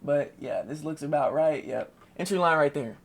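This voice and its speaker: Sharing his screen, a young man walks through his day trade at a normal speed with a creaky voice. He's casual, slangy and animated, throwing in swears and plenty of "boom."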